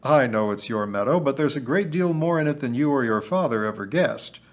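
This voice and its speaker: In a storybook reading, a man voices a merry, boastful ancient male hill sprite, hearty and emphatic and sing-song when chanting. His natural mid-range voice is animated and fairly quick, with the highs cut off.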